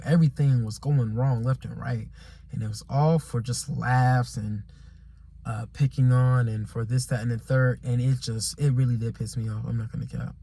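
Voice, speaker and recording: A man's voice: mid-range voice, dark tone. A young man vlogging a casual storytime monologue, rambling and repeating himself with exasperation and slang.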